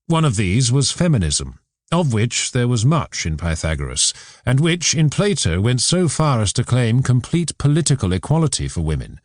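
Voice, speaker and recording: Man reading with lively pitch. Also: no room sound, studio quality. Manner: measured, expressive reading of a philosophy text. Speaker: audiobook reader. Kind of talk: scripted narration.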